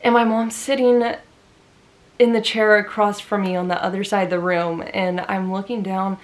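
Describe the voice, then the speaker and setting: A woman's voice: medium pitch, fairly even intonation, normal speed. Earnest woman vlogger telling a story. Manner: earnest, emphatic, frequent "like" fillers. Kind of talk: personal storytelling to camera.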